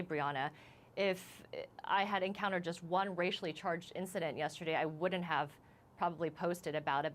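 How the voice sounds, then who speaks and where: An American woman, a news correspondent, appears as a guest in a live news interview, her voice on the low side with slight background noise. Shaken and unsteady, she speaks haltingly and keeps restarting.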